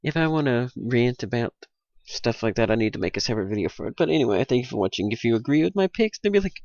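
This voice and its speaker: A man's voice: medium pitch, sing-song, fast, gravelly, darkish tone, no room sound. A man hosting his own video, rambling and poking fun at himself, with bursts of mock-indignant ranting. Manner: rambling, self-mocking, jumps into mock-indignant rants. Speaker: video host giving sports picks. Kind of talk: casual rambling monologue. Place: at home at a computer. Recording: dull, dry lo-fi audio.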